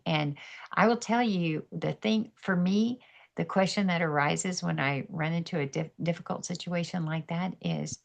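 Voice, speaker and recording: A middle-aged woman tells her personal testimony in an earnest, animated way, acting out her own inner dialogue. Her voice sits on the low side with a gravelly, creaky texture. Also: normal speed, dull audio. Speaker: podcast guest sharing testimony.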